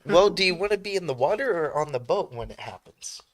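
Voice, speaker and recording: A man playing a tabletop game, reacting quickly and laughing with the group. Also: on the high side, animated. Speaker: player. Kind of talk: casual tabletop chat.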